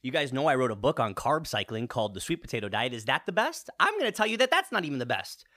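A man in his late thirties talks to his viewers in a casual fitness vlog. His nose is running and he sniffles. His pitch rises and falls a lot as he fires off rhetorical questions and swears in passing. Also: big pitch swings, fast, sharp tone. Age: 30s. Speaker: fitness vlogger.

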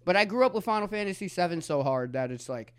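A man, a comedian, chatting as a guest on a podcast in a studio, telling stories in an animated, slangy, profane way. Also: sits high, fast, clean tone. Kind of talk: casual podcast chat.

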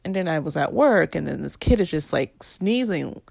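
Low raspy-ish woman rambling on her podcast, sarcastic, a bit sick, dry close mic. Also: expressive, moderate pace, a little mellow, dry recording. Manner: candid, sarcastic rambling with laughs. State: under the weather. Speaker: podcast host. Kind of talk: casual solo podcast monologue. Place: her home in uptown Manhattan.

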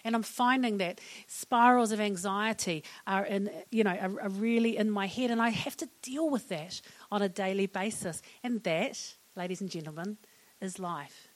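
Speaking at a medium pitch and moderate pace, the middle-aged New Zealander keeps her mental wellness talk humorous and chatty for the audience, often laughing at her own jokes.

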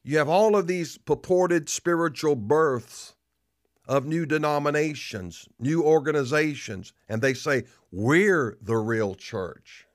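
Male pastor, sermon delivery, emphatic and repetitive, somewhat high voice, dry close sound. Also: no room sound. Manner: emphatic, repetitive preaching with dramatic pauses.

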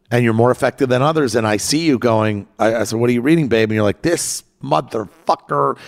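A man co-hosting a podcast in casual chat, earnest and restarting his words when worked up. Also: medium pitch. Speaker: podcast co-host. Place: at home in LA.

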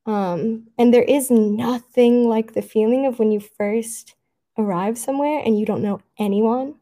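A young woman talks casually, chatty and quick to laugh, her speech full of fillers. Her voice sits a little high but sounds mellow and warm. It is relaxed, easy storytelling between friends. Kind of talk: casual chat.

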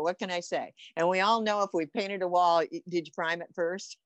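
A woman's voice: medium pitch, measured pace, fairly bright tone, dry recording, lo-fi sound. Woman, mid-range voice, eager and talky, dry and close. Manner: enthusiastic and chatty, trails off and restarts mid-thought. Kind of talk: casual explanatory talk.

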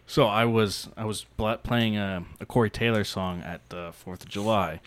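A man's voice: fairly low pitch, normal speed, smooth. A young man co-hosting a podcast, telling stories in casual chat, swearing freely and acting out what people said. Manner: animated storyteller, swears a lot, acts out quotes. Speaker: podcast co-host.

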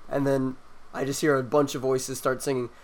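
Young man telling a story, animated. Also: medium pitch, moderate pace. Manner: animated, acts out quoted lines. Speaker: storyteller in a group chat. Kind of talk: casual storytelling.

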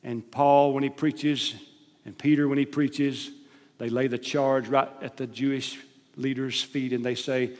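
A man preaching a sermon as pastor, emphatic, rising to loud stressed phrases and dropping to soft asides. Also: medium pitch, little pitch movement, a little slow. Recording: long hall reverb.

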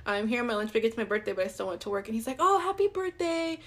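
A woman's voice: mid-range voice, fairly even intonation, very fast. A young woman co-hosting a podcast, telling a dating story in a casual, chatty way, full of "like" and acted-out quotes. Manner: chatty, many "like"s, acts out quoted dialogue. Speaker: podcast co-host.

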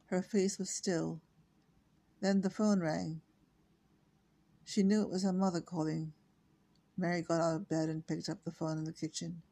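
Author reading own book, flat delivery, gravelly, dark tone, hesitant asides. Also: mid-range voice, moderate pace, long pauses. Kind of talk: audiobook reading.

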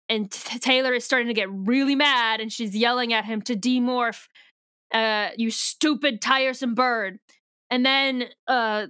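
Woman, smooth clear tone, dry close mic, rambling plot recap, reads passages aloud. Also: fairly high pitch, fairly bright tone, dry recording. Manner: retells the plot at length, reading passages aloud; rambling, with many fillers and restarts. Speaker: podcast co-host. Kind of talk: casual book discussion.

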